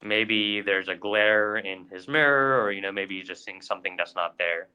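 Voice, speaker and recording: Bright-voiced man telling a story. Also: on the low side, moderate pace, clear, resonant tone, poor audio. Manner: storytelling with frequent fillers and restarts. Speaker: podcast co-host. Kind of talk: casual podcast chat.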